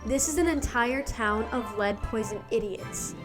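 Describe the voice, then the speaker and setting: A woman's voice: a little high, unhurried, over music, close to an everyday voice. A woman voicing a practical young assistant who speaks dryly and matter-of-factly in an amateur fan dub. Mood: deadpan. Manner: dry, matter-of-fact.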